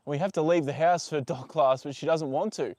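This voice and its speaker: A man hosting a live stream outdoors, his voice pitched a little higher than most men's. He rambles along in an easygoing way and reads out viewer comments, full of ums and uhs. The sound is dry and close, picked up by a phone on a tripod. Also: brisk, darkish tone, no echo. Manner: rambling and easygoing, with many fillers. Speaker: livestream host. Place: outdoors with a horse.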